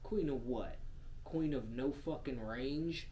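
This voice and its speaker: A man co-hosting a podcast in crude casual chat, cursing and laughing often, swinging between loud and soft. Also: medium pitch, takes it slowly, a little hiss or hum. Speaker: podcast co-host.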